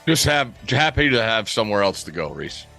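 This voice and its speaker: A man co-hosting a sports podcast, easygoing and halting as he stumbles over his words. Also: on the low side, very animated, vocal fry, pushed and bright, faint music behind. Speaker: podcast co-host. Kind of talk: casual sports podcast chat.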